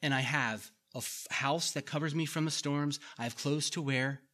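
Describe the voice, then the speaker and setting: This middle-aged pastor's voice sits on the high side, fairly bright and steady, moving at normal speed. He preaches in a conversational way, repeating important lines and adding folksy asides for the congregation.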